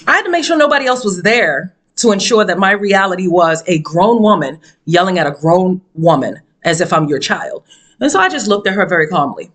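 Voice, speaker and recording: A woman tells a personal story with lively energy, her voice leaping high for emphasis and dropping low to drive a point home. She repeats phrases in a preachy, motivational way. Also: fairly quick. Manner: animated, dramatic storytelling with sudden pitch jumps; emphatic, preachy delivery with repetition. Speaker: motivational speaker. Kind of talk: storytelling monologue.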